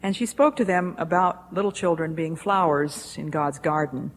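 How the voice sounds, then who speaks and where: A woman giving a devotional talk in a measured, deliberate way, recorded in a lecture hall in the 1980s. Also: low voice. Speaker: speaker at a Bible institute. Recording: echoey hall with faint hiss, 1980s.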